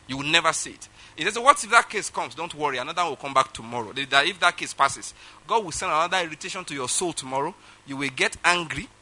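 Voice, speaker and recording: A man with a Nigerian English accent preaching a sermon, telling a personal story with sudden swings between loud and soft delivery. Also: fairly high pitch, expressive, fast. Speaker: pastor.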